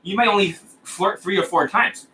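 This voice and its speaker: Man, foul-mouthed, scornful coaching rant, bright forceful voice, somewhat high, faint background hiss. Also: normal speed, rough recording. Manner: profane, scornful, insulting; repeats "right?" and "you see that?". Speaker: dating coach. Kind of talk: ranting coaching monologue.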